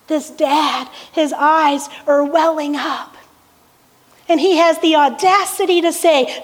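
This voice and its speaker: Woman pastor, very high voice, slow deliberate sermon, rhetorical questions, long echoey hall reverb. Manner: storytelling with rhetorical questions and soft laughs.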